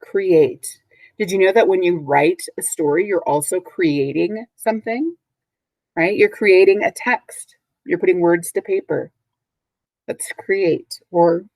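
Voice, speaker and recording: Woman teacher, lower voice, patient and clear, recorded dry at home for young kids. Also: a little slow, a little mellow, no room sound, low-quality recording. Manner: patient, clear, models words for repetition. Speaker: third grade teacher. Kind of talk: recorded vocabulary lesson for children.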